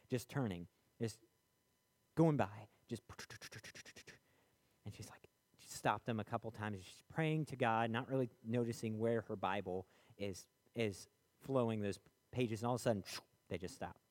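A man's voice: on the low side, darkish tone, no room sound. Conversational preacher man, dry close sound. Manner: conversational, many fillers, acts out quoted voices. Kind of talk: sermon.

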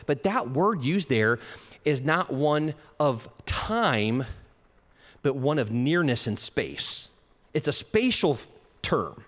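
A man preaching a sermon in a church hall, with an animated delivery. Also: fairly high pitch, slow. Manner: animated, acts out little quoted exchanges, chuckles at his own jokes. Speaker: pastor. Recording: long hall reverb.

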